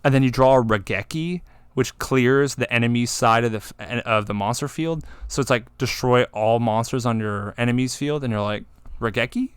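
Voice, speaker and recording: Excitable swearing man, smooth dry voice. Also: medium pitch, moderate pace, dry recording. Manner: excited, swearing, acts out card-game moments. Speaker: podcast co-host. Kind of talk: casual chat.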